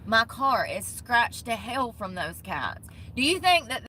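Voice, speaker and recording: A woman's voice: fairly high pitch, very animated, unhurried, bright, forceful tone, slightly rough. A young woman vlogging about van life, telling an indignant, profane story in short bursts. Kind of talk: ranting vlog storytime.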